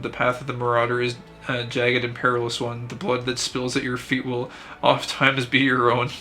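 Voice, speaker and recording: Brief: man voicing a grim veteran axe master, formal and grand, bright tone, flat contour. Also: mid-range voice. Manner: grandiose, formal read-aloud delivery. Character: stern battle-scarred male axe guild master.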